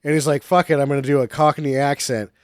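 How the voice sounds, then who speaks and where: A man's voice: fairly high pitch, little pitch movement, fast talker, dry recording, clean studio sound. A man co-hosting a casual movie podcast, sarcastic and swearing through laughing riffs. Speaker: podcast co-host. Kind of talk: casual movie-riff chat.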